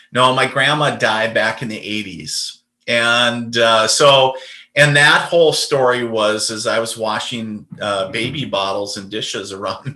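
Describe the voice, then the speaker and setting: A man's voice: mid-range voice, bright, forceful tone, roomy sound. A man, a podcast guest and medium, telling a personal story in a casual, rambling way with lots of fillers and restarts.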